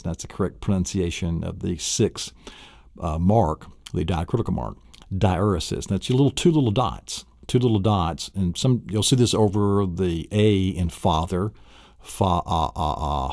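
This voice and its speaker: A man's voice: low voice, mellow, no room sound, studio quality. A man giving a spelling lesson, spelling words out letter by letter, sounding out syllables and asking the listener rhetorical questions. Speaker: spelling instructor.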